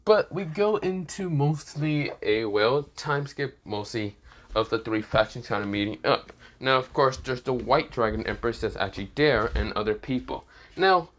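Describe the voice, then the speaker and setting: A man narrating a homemade fan story off the cuff, rambling and circling back on himself as he pieces it together. His voice sits at an ordinary male pitch, and his delivery stays casual and unscripted. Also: expressive, normal speed, fairly bright tone. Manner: rambling, heavy fillers and restarts. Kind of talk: improvised casual fan-fiction retelling.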